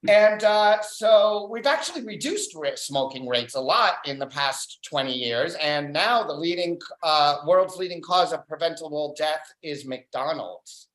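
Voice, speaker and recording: An open mic stand-up comedian doing a dry, deadpan set on a club stage, pausing often on fillers. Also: mid-range voice. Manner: deadpan, dry one-liners with filler pauses. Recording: roomy club echo.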